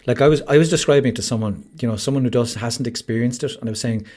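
In a candid interview over a video call, an Irish man guesting on a podcast races through his story earnestly, leaning on "like" and "you know." His voice is mid-range and a little mellow.

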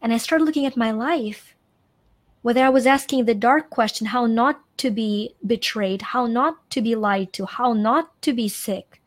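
Expressive woman from Ukraine, higher voice. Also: normal speed. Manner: expressive, emphatic, repeats phrases for effect. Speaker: guest, possibility coach. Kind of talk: conversational interview.

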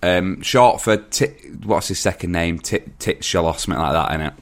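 Guy, really deep voice, dry laid back chat. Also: normal speed. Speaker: podcast co-host. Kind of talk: casual chat.

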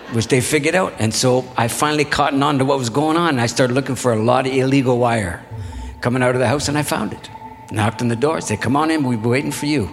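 A man telling a long story to a live audience in an unhurried, reflective, folksy way. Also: medium pitch, long reverb tail, slight background noise. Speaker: spoken-word storyteller. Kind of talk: live spoken-word storytelling. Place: hall before an audience.

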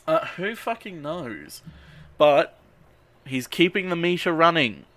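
Animated man recapping a film, dry sound. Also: a little high, takes it slowly, no echo. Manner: animated, swears freely, rambling asides. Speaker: podcast co-host recapping a film. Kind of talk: casual chat.

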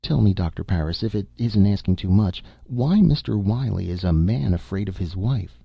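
A man reading the part of a stern, blunt woman nurse, with pointed, crisp questions. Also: lowish voice, lively intonation, moderate pace, no echo, dull audio, full character voice. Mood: sharp.

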